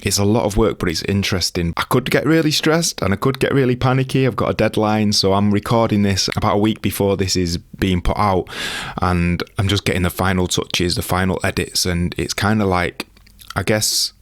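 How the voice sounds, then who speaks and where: A man's voice: sits low, brisk, no echo. A man talking through a chatty, rambling, self-deprecating podcast monologue as its host.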